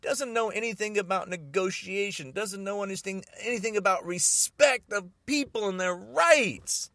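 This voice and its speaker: A man ranting angrily about politics to the camera, repeating himself and bursting into loud emphasis. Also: high-pitched, moderate pace, dry recording. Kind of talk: angry political rant to camera.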